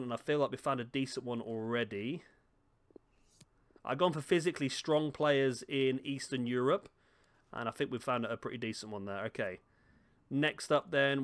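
A man giving casual, chatty commentary on a football game at home, talking to the players on screen and joking at himself. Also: mid-range voice. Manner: chatty, self-mocking, talks to the players on screen. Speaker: gaming YouTuber. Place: home room.

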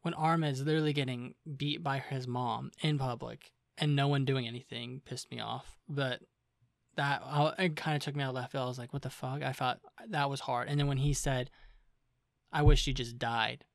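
A man's voice: medium pitch, fairly even intonation, moderate pace, gravelly, dry recording. Young male co-host, casual and chatty, mid-range voice, dry close mic. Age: young adult. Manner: chatty, lots of fillers, retells scenes. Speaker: podcast co-host. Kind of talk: casual chat.

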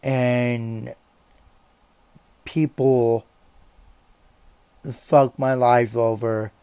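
A young man vents his anger in a slow, halting rant, swearing and circling back over the same words. His voice is clear and smooth. It sounds close and dry, with no room around it. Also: mid-range voice, little pitch movement, mellow, no echo. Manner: swearing, halting, repeats himself. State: angry and upset. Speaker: vlogger. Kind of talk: angry rant to camera.

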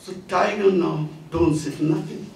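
Guy telling a story in a sermon, high lively voice, echoey temple hall, mic far away. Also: a little slow, vocal fry. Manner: animated, laughing storyteller. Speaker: preacher. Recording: echoey hall, distant mic, faint noise.

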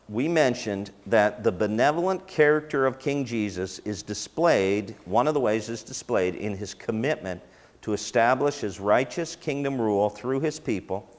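A man with a fairly low voice teaches in a loose, conversational preaching style, full of fillers and restarts. His voice rings out with the long reverb of a large hall. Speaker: teacher of a ministry school.

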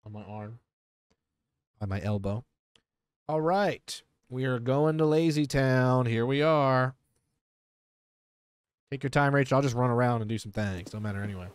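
A male streamer chatting casually and excitedly while playing a game, often swearing when surprised. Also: mid-range voice, normal speed, long pauses, clear, resonant tone, no room sound. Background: game music.

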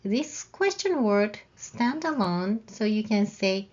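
A woman teaching a language lesson, explaining grammar patiently and saying example sentences out loud. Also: mid-range voice, expressive, slow pace, highs cut off. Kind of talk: slow, careful lesson explanation.

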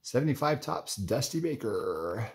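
A man's voice: mid-range voice, sing-song, a little slow. A man in casual running commentary as he flips through trading cards, rambling and chatty with lots of filler words. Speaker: card collector vlogger.

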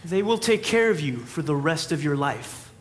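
An actor playing Mordecai, the caring older cousin and guardian, speaking and singing firmly but gently in a musical play. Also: male voice, on the high side, lively intonation, normal speed, lightly acted. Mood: tender. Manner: gentle, firm, consoling. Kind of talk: musical theatre, spoken and sung. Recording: loud music underneath.

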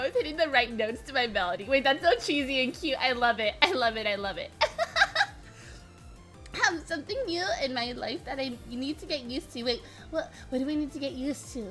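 A woman's voice: high-pitched, sharp tone. A woman streamer chatting with her viewers, still getting over a cold, her voice cracking now and then, bubbly and giggly as she greets people one by one. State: recovering from illness, voice cracking. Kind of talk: casual live-stream chat with viewers.

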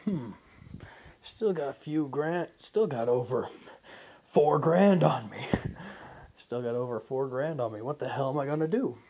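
A man's voice: mid-range voice, a little slow, long pauses, darkish tone, natural voice. A man voicing a sheepish young male hero who mutters nervously to himself, in a fan-made story. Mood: musing.

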